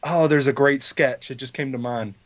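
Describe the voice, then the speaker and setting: A man's voice: mid-range voice, moderate pace, lo-fi sound. A man co-hosting a podcast in casual tech chat, rambling and explaining with many fillers and restarts. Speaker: podcast co-host.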